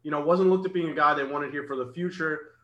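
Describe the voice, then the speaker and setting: A man talks sports in an earnest tone and reels off numbers with ease. His voice is bright and a bit high. The sound bounces around an echoey room. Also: quick pace, muffled recording. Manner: earnest, rattles off stats. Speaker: sports podcast co-host. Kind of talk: casual sports chat.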